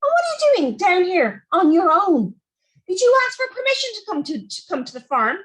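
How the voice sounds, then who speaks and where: A woman's voice: high-pitched, big pitch swings, moderate pace. A woman voicing a stern, protective farmer father in a storybook reading. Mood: cross.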